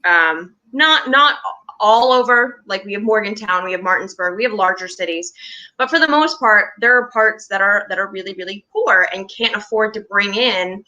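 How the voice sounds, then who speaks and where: A woman's voice: mid-range voice, moderate pace, sharp tone, highs cut off. A young woman from West Virginia chatting in an interview about her touring theater troupe, rambling and restarting often. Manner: rambling, restarts often, laughs between stories. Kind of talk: casual interview chat.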